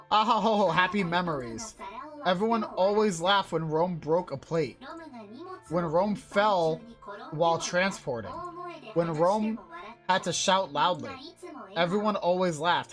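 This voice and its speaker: A woman's voice: lowish voice, expressive, a little slow, pauses often, over music. A woman reading the lines of an earnest, hardworking male robot who talks literally and calls himself by name.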